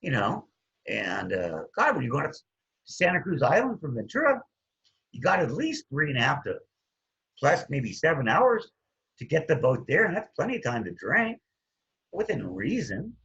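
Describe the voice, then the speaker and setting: A man's voice: moderate pace, gravelly, slightly rough. A man in his fifties, a guest telling his own story casually, often trailing off with "anyways". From Hawaii. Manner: animated, jumps up and down in pitch, trails off with "anyways". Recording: dull lo-fi sound.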